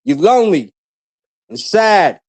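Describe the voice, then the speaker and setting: A man with a high voice mocks and boasts, repeating his taunts over and over. The sound is dry and close, with no room echo. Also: big pitch swings, slow pace. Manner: taunting, trash-talking, boastful; repeats himself, mocking. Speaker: live stream guest. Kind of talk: casual stream chat.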